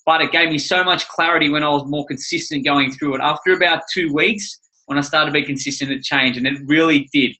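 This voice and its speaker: Upbeat man, bright voice. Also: on the high side, fairly even intonation, brisk, poor audio. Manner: upbeat, rambling, jokey. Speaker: life coach co-hosting a course livestream. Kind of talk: casual livestream chat.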